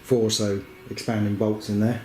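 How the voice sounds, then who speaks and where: A man casually narrating his own bathroom building work, plain and practical, with many pauses and fillers. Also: lowish voice, level tone. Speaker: woodworking vlogger. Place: house under renovation, indoors. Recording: echoey room with noise.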